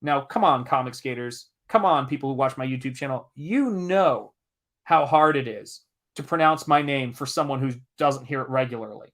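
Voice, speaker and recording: A man from Tennessee hosting a live stream, chatting casually and telling an animated, emphatic story with occasional swearing. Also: mid-range voice, moderate pace. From Southern United States, Tennessee. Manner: animated, emphatic storyteller who reads out chat comments and swears when worked up. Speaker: live-stream host and comic artist.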